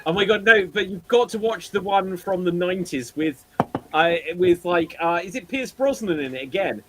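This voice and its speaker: A man's voice: high voice, normal speed, noisy background. A man hosting a live geek panel show, chatting animatedly and often restarting his sentences. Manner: animated, trips over words and restarts. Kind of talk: casual panel chat on a live stream.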